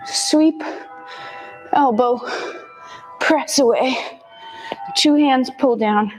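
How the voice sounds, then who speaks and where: A woman fitness instructor calmly cueing a kettlebell workout with short step-by-step commands, breathing hard between sets. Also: high voice, extremely slow, soft background music.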